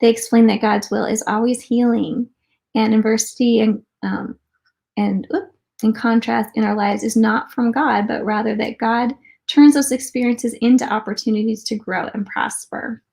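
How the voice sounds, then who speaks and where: Female co-host, mid pitch, gravelly fry, affirming reader. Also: fairly even intonation, moderate pace, a little mellow. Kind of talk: casual faith talk, reading a comment.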